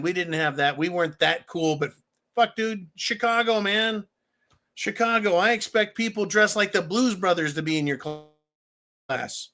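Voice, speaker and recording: A man's voice: on the high side, sharp tone. A man in his fifties from California hosting a live stream, joking and swearing as he reads out viewer donations. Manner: boisterous, profane and joking, reading donations aloud. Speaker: livestream host. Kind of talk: casual live-stream chat.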